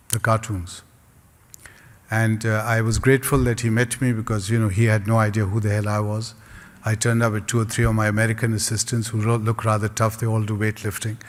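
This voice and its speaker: A man giving a public lecture and answering audience questions in a measured, rhetorical way with humorous asides. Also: fairly low pitch. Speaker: guest speaker. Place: lecture hall. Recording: long hall reverb.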